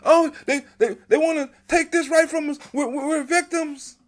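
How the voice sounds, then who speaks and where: A man's voice: extremely high pitch, steady tone, moderate pace, pitched above the performer's own voice. A man mocking a whiny, self-pitying complainer. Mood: mocking whine. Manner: exaggerated mocking whine.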